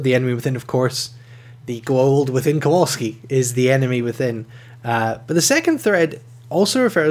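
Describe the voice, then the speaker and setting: Man host, casual episode review, chatty with lots of ums, mid pitch. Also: darkish tone. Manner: conversational, with frequent fillers and enthusiastic rises.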